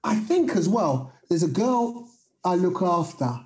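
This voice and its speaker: Brief: male host, warm mellow tone, enthusiastic and chatty, roomy sound. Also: high voice, sing-song, unhurried. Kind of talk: casual chat.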